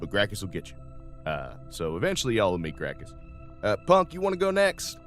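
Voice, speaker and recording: Genial, folksy captain in his seventies, as a man voices him; low, rambling. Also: lively intonation, fast, fairly bright tone, soft background music. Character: old male starship captain, genial and rambling.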